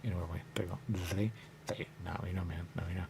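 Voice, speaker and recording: This radio host has a low, steady voice with a creaky edge, and he talks fast against some background noise. Alone on the mic, he wanders and repeats himself, returning over and over to his favorite line, "there you go."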